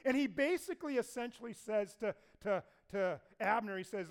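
A man preaching a sermon to a congregation. He tells the story in a lively way and acts out the voices of the figures. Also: high-pitched, normal speed, hardly any pauses. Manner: animated storyteller acting out voices. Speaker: pastor.

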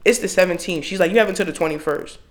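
A man in his thirties telling a long work story in casual, profane chat, jumping loudly into exclaimed quotes. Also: sits high, racing. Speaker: podcast co-host.

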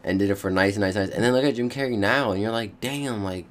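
A man's voice: lowish voice, fast talker. A young man talking to the camera in a loose, slangy monologue, full of fillers and restarts. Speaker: vlogger. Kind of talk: casual rambling monologue.

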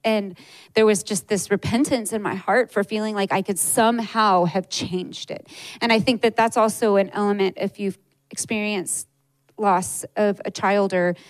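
A woman's voice: mid-range voice, steady tone, moderate pace, dry recording, poor audio. A young woman giving a personal testimony at church, talking in a conversational way with many fillers. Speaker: church speaker sharing a testimony.

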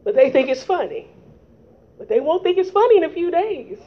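Very high-voiced fervent woman preacher. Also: very animated, a little fast. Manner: fervent call-and-response, rhetorical "huh?". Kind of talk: sermon. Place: church. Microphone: handheld microphone. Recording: dull lo-fi recording.

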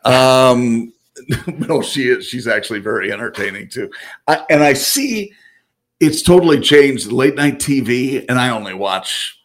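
A man's voice: medium pitch, lively intonation, measured pace. A man co-hosting a podcast, chatting casually with lots of fillers, restarts and chuckles. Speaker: podcast co-host. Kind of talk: casual chat.

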